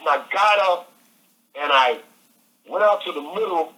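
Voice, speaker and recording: A man telling a story as an interview guest over the phone, animated and repeating phrases. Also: sits high, a little slow. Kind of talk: casual storytelling. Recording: phone line.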